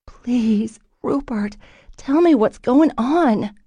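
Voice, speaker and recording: A woman voicing a headstrong young woman fighter who talks forcefully and raises her voice, in an audiobook. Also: mid-range voice, moderate pace, no echo, lo-fi sound, close to an everyday voice. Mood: desperate.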